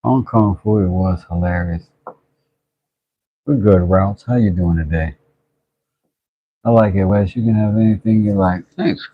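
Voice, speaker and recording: A man's voice: low voice, unhurried, long pauses, narrow, tinny audio. A man hosting a laid-back livestream, chatting and greeting viewers. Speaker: livestream host. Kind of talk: casual livestream chat.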